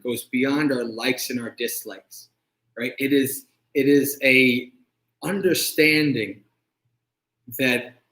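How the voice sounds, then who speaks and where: A monk giving a conversational dharma talk and answering questions, often checking in with "right?". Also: male voice, medium pitch. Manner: conversational, keeps asking "right?". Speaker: monk teacher. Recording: echoey room.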